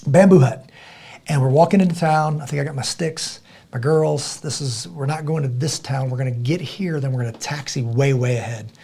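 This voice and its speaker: A man's voice: medium pitch, moderate pace, creaky. A middle-aged man in a podcast conversation, telling a story animatedly with frequent restarts and repeated words. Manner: animated, acts out other people's voices. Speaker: podcast guest.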